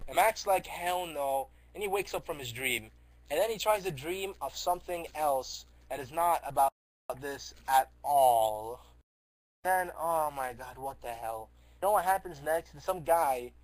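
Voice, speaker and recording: A man telling a rambling, silly story in an excitable way, leaning on fillers like "like". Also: fairly high pitch, unhurried, no room sound, poor audio.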